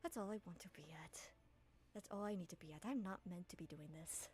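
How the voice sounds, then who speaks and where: A woman voicing a timid male halfling who murmurs softly that he longs for home. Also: on the low side, brisk, heavy background noise, lightly acted. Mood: wistful. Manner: soft, half-hidden murmur.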